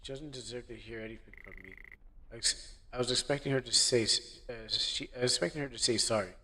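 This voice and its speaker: A man's voice: medium pitch, fast talker, bright, forceful tone, a little hiss or hum. A man streaming a game playthrough, reading its text aloud in a subdued, hesitant way. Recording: long reverb with faint game music.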